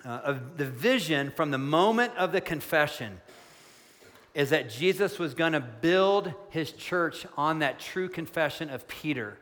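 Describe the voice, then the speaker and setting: A middle-aged male pastor preaching a sermon, earnestly, slowing down for emphasis and speeding up in excited asides. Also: a little high. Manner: earnest, shifts between soft slow emphasis and quick excited asides. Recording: long hall reverb.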